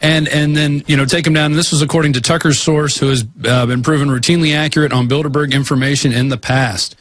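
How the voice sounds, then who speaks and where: A male co-host on a talk show, explaining points in a measured way. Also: fairly high pitch, fairly even intonation, fairly bright tone. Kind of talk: radio talk show discussion.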